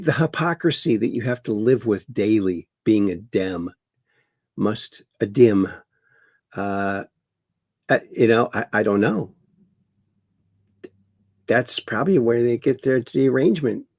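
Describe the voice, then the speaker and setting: Gravelly, slow-talking livestream host. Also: male voice, mid-range voice, no room sound, studio quality. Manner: mocking, chuckling political commentary. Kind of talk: casual livestream chat reading comments.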